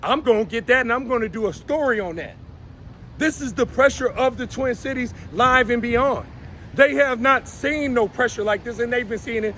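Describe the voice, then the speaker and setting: A man's voice: very high-pitched, normal speed, a bit bright, a little hiss or hum. A man hosting his own show, delivering a fiery, confrontational live rant from a downtown street and calling people out by name. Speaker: show host. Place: outdoors on a downtown city street.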